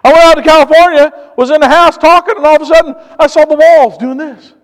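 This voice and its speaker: A man from Indiana preaching a sermon as pastor, swinging from hushed, low passages to loud, slow, emphatic ones. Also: steady tone. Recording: long reverb of a large hall.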